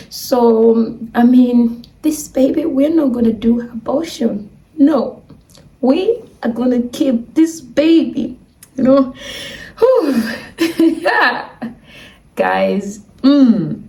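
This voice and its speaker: A young woman with a fairly high voice tells a personal story slowly and emotionally. She laughs often and takes long pauses. She sits a little back from the mic, with faint noise around her. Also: mellow, distant mic, low-quality recording. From Africa. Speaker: vlogger.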